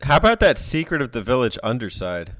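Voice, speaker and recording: Jokey podcast guy, bouncy animated voice, dry close sound. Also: medium pitch, no room sound. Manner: playful, jokey, drawn-out punchlines. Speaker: podcast co-host. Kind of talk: casual chat.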